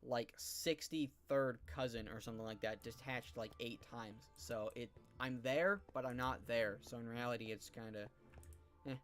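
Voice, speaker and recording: A man's voice: mid-range voice, steady tone, moderate pace, fairly bright tone, faint music behind. A man from California hosting a live game stream, chatting casually and thinking aloud with lots of fillers. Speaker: streamer and host. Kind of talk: casual chat while gaming.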